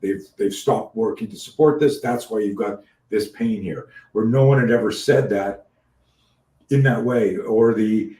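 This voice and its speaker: A man with a lowish voice hosts a casual podcast chat, animated and profane, circling back through false starts as he tells a story. He sounds set back from the mic, and his voice rings in an echoey room. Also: measured pace, recorded from a distance. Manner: animated storyteller, swears freely, many restarts. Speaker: podcast host.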